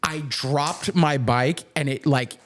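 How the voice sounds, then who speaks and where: A man's voice: on the high side, takes it slowly, a bit bright, a little hiss or hum. Young male podcast host, profane and rambling, casual storyteller.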